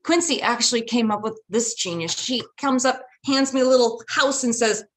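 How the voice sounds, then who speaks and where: A woman in the middle of a live personal story, animated and expressive. She slips into other people's voices and laughs along as she goes. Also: a little high, normal speed.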